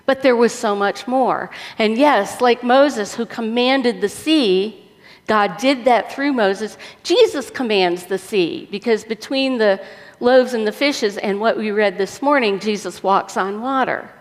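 Slow-speaking woman pastor in an echoing church. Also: on the high side. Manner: slow, deliberate, with conversational asides and light humor. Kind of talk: sermon.

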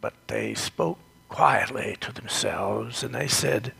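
A man telling a gentle, reflective devotional story, sometimes dropping into a whisper. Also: fairly low pitch, takes it slowly, creaky, few pauses, slightly rough.

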